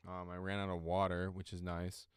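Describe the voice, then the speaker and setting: Young man, low voice, smooth tone, casual livestream chat, rambling with fillers, voice a bit worn, dry close sound. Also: monotone, normal speed, no room sound. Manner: rambling, filler-heavy, explains with "okay?" check-ins. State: voice getting worn out. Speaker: livestream host.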